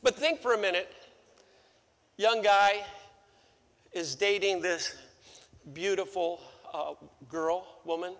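A middle-aged man preaching from the pulpit, high-pitched and bright in tone. He tells his stories animatedly, stumbling over restarts. His voice rings with the long reverb of a church hall. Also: slow pace, pauses often. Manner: animated storytelling, stammering restarts. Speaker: pastor. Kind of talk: sermon. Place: church sanctuary.

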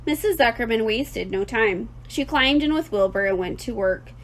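A woman teacher reading a children's book aloud with clear, expressive storytelling. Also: on the high side, normal speed, slight background noise.

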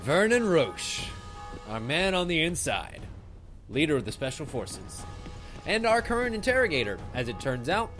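A young man commentating over gameplay in a sarcastic, comedic way, swearing and panicking loudly, with game music behind him. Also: fairly high pitch, big pitch swings, moderate pace. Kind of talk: comedic let's play commentary.

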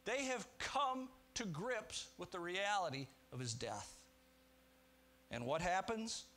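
A male pastor preaching with a slightly high voice. He moves between quiet, low reflective passages and raised, emphatic lines, and he asks the congregation rhetorical questions. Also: lively intonation, slow. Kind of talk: sermon.

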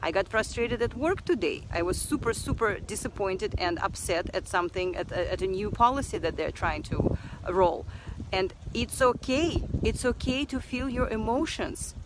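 A woman's voice: medium pitch, expressive, moderate pace, background noise. A woman speaking earnestly in a personal reflective vlog, repeating phrases for emphasis. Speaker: self-help vlogger.

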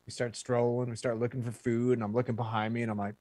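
A man co-hosting a podcast, casually telling a story with plenty of swearing and emphatic, low asides. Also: little pitch movement, fast, warm tone, dry recording. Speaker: podcast co-host. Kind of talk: casual storytelling among friends.

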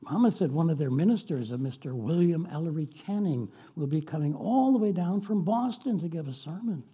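A man's voice: fairly high pitch, expressive, fairly quick, dark tone, breathy edge, highs cut off. A man voicing an innocent young lady from 1819 who is easily shocked and gasps at news. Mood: wide-eyed. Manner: wide-eyed, gasping.

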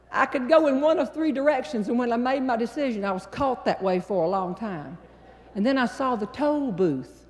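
An older woman with a North Carolina Southern accent, telling a comic story on stage in an animated, drawling way. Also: sits high. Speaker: humorist. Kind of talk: stand-up storytelling. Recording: hall with long reverb.

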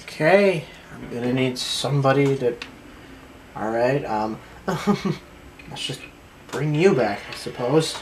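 Low-voiced woman chatting through a game. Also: lively intonation, slow pace, long pauses, a little hiss or hum. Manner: chatty, joking, swears and laughs freely. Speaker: gamer. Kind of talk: casual gameplay commentary.

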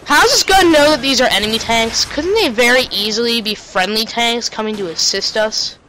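A woman's voice: a little high, a little fast, sharp tone, slight background noise, low-quality recording. A woman giving casual, sarcastic commentary while playing a video game, joking and talking back to the characters on screen. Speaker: let's play commentator.

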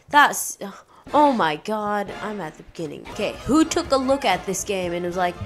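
A woman's voice: medium pitch, very animated, moderate pace, music in the background. A woman hosting blind gameplay commentary in a put-on imitation Cockney accent, joking and swearing mildly as she plays. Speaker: let's play host.

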